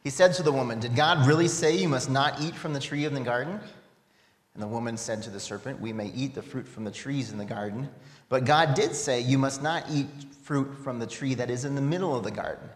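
A man's voice: medium pitch, fairly quick. A man preaching a sermon, reading scripture aloud and asking reflective, rhetorical questions. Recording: echoey hall with long reverb.

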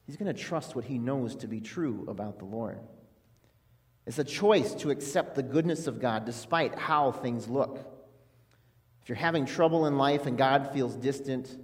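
Man, pastor, conversational sermon, mid pitch, long hall reverb. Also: moderate pace, a little mellow. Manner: earnest, conversational preaching with restarts.

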